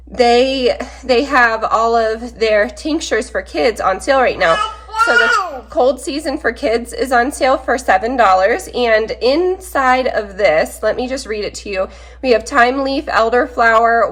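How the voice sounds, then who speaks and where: Her voice slightly high and a bit bright, a mother vlogger in her thirties talks casually through the groceries she bought. She's chatty and practical, wanders into asides, and sounds slightly sick.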